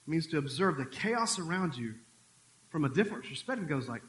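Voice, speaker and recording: Animated male pastor preaching in an echoey room. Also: a little high. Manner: conversational, animated preaching with quick asides. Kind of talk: sermon. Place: church sanctuary.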